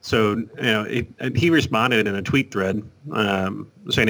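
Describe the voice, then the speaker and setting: A man co-hosting a casual chat, speaking in a measured way with fillers as he reads out a statement. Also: lowish voice, fairly bright tone, rough recording. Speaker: co-host.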